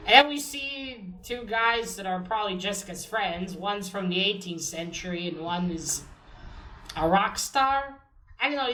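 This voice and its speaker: A woman's voice: medium pitch, far from the mic, a little hiss or hum. Exasperated woman ranting in a roomy space. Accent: Israeli. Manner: animated, exasperated ranting with swearing. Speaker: comic reviewer. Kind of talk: casual spoken review. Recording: roomy echo, off-mic.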